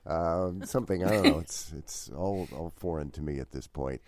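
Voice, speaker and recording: A man hosting a podcast, talking in a halting, rambling way with many fillers. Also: sits low, a little mellow, no room sound, clean studio sound. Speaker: podcast host. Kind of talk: casual podcast chat.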